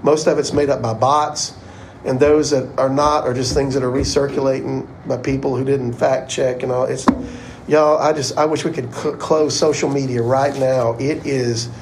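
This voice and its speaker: A man's voice: mid-range voice, fairly even intonation, normal speed, slight background noise, poor audio. A man teaching a casual Bible class, chatty and rambling. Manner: chatty, rambling, uses "y'all".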